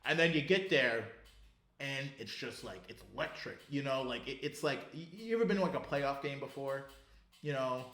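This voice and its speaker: Animated, profane man ranting on a podcast. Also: medium pitch, normal speed, echoey room. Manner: animated, profane, rambling with restarts. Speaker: podcast co-host. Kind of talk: casual sports chat.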